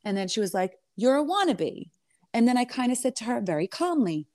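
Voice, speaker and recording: A woman reality TV star in an interview, telling her side of a clash in a sassy, animated way and calling the listener honey. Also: on the high side, brisk, no room sound, clean studio sound. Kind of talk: candid storytelling interview.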